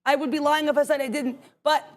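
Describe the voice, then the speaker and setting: A young woman calls her trades aloud on a live stream, talking quickly and emphatically and pushing her voice high when she gets excited. She thinks out loud and argues with herself before committing to a trade. The delivery is fast, animated market commentary. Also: a little hiss or hum. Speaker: co-host trading live.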